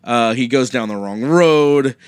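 A man co-hosting a podcast and preaching, telling a Bible story in a casual, animated way and acting out the quotes. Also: medium pitch, unhurried, clear, resonant tone, no echo, studio quality.

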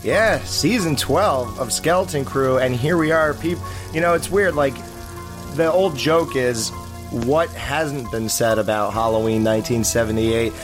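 Male podcast host, average pitch, casual and rambling. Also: a little slow, music in the background. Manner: rambling, with many fillers and restarts.

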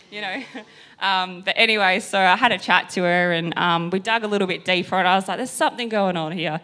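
A woman tells her story with bubbly energy. She laughs between lines and swings her voice up high whenever she acts out what someone said. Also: brisk. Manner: laughs often, high excited acted quotes. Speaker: personal trainer sharing a testimony. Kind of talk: animated storytelling.

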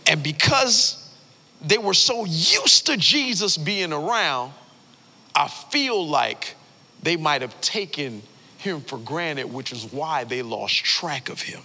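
A male pastor preaching a sermon in a church, telling stories in casual slang with animated delivery. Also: fairly high pitch, takes it slowly, slightly rough. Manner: animated storytelling, casual slang, frequent "like" fillers. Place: church sanctuary. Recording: long hall reverb.

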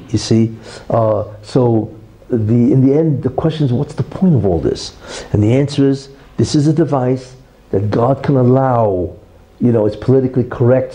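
A man giving an informal religious talk in an animated, rhetorical way, often checking in with "right?" and "you see". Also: medium pitch, rough recording.

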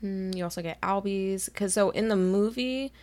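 A woman's voice: mid-range voice, normal speed, a little mellow. A young woman co-hosting a podcast in casual chat, gushing like a fangirl and laughing often. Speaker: podcast co-host.

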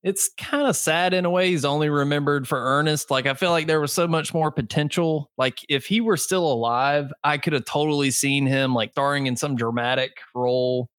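Laid-back podcast co-host, dry sound. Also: male voice, fairly high pitch, moderate pace, few pauses, a bit bright, smooth, dry recording. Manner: laid-back, lots of "like" fillers. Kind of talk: casual chat.

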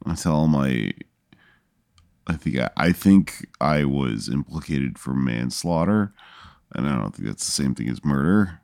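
A male comedian guest answering an improvised scenario in a halting, hesitant way, laughing often. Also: extremely low pitch, animated, gravelly, darkish tone, no echo, clean studio sound. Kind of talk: casual improvised chat.

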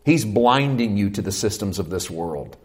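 A husky, lowish-voiced man preaches a sermon at a moderate pace, animated as he swings between loud, urgent passages and hushed ones. He acts out quoted voices and puts questions to the congregation.

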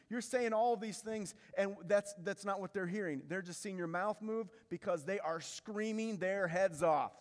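A man preaching a sermon as pastor, building intensity through repetition and dropping low to stress key lines. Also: moderate pace, hardly any pauses, in a large hall.

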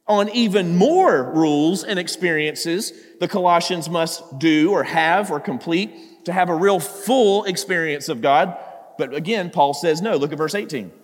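Animated male pastor preaching in a reverberant hall. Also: high-pitched. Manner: animated preaching with rhetorical questions. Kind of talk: sermon.

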